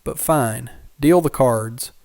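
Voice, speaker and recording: A man's voice: mid-range voice, takes it slowly, vocal fry, darkish tone, no echo, studio quality. A man voicing a grimy, cruel drifter who sneers and growls with contempt. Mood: sneering.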